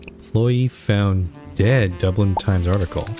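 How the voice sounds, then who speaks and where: A man's voice: low-pitched, takes it slowly, over music. A man streaming a detective game, thinking aloud and reading on-screen text aloud. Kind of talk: let's play commentary.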